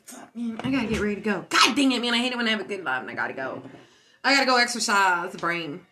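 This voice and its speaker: Woman, stoned, casual livestream chat, rambling, boastful, giggly, bright tone. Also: medium pitch, animated, fast talker. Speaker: livestream host.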